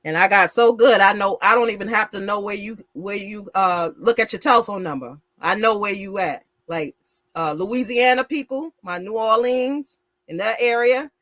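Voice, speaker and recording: A woman from Brooklyn with a New York accent co-hosting a casual talk show, easygoing and quick to laugh as she reads out viewer comments. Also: medium pitch, a bit bright, no echo. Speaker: co-host.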